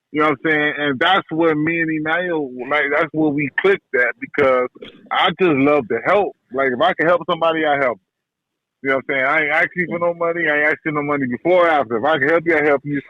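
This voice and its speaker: A man who trains boxers tells stories about his mentor in a relaxed, slangy way, often repeating himself. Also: fairly high pitch, no echo. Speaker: boxing trainer, guest. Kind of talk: casual interview talk. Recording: dull podcast audio, dry.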